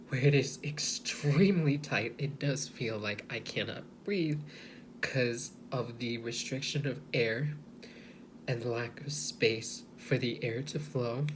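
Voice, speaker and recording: A man talking to camera in a personal video monologue. He speaks very slowly and softly, with pauses and restarts. His voice sits at an ordinary middle pitch for a man. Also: background noise. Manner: slow, hesitant and soft-spoken, with many pauses and restarts. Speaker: vlogger.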